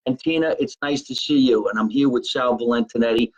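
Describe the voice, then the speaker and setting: Man, podcast host, from New Jersey, casual animated chat. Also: medium pitch, a little fast, low-quality recording.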